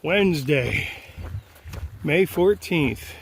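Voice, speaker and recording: A man with a slightly high, gravelly voice speaks very slowly but animatedly, with a little hiss or hum in the audio. He's thru-hiking along a rural road, vlogging casually and cooing at animals in a sing-song voice as he narrates.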